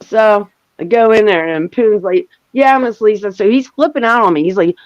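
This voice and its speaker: A woman's voice: brisk, dry recording, muffled recording. A middle-aged woman hosting a casual panel chat, telling a story with lots of swearing and acting out what others said. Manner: animated, swearing, acts out quotes in a higher voice. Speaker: panel host.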